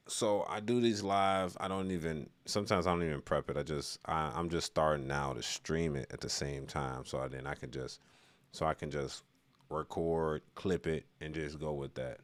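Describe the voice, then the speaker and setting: A man's voice: a bass voice, no echo. A man from Chicago doing loose, rambling live-stream commentary, reading chat and laughing at his own remarks.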